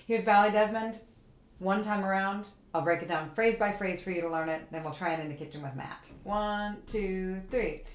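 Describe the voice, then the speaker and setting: A woman's voice: medium pitch, fairly quick. A woman host giving a casual spoken music lesson, explaining step by step and now and then singing phrases of the tune on syllables. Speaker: music teacher and podcast host. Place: home kitchen.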